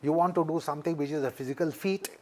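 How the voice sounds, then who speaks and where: Deliberate Indian man explaining breath. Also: a little high, steady tone, a little mellow. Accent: Indian English. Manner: deliberate and explanatory, repeats key points. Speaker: yoga teacher. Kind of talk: interview explanation.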